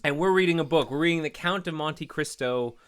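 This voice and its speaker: A man co-hosting a book-reading show, reading a novel aloud and breaking off for chatty, animated asides. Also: a little high, fairly quick, smooth. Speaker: co-host and reader.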